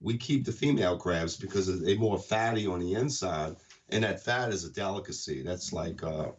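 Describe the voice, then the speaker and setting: A man from Louisiana with a Cajun accent, chatting loudly and jokingly over an internet call on a radio show. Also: low-pitched, normal speed, recorded from a distance, highs cut off. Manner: loud, joking, rambling storyteller. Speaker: guest co-host on a call. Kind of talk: casual radio chat.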